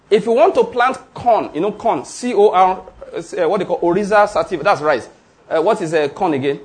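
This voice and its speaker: A man's voice: high voice, darkish tone. A man preaching a sermon to a congregation, quizzing them with call-and-response questions and repeating his points emphatically, with an occasional laugh. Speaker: pastor. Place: church before a congregation.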